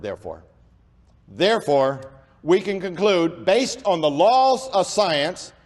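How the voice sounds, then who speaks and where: A man giving an emphatic preaching lecture to an audience, talking in long unbroken runs with few breaths and slowing down on key points. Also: sits high. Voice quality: says he has a speech impediment and talks without pausing for breath. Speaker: creationist speaker. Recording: long hall reverb.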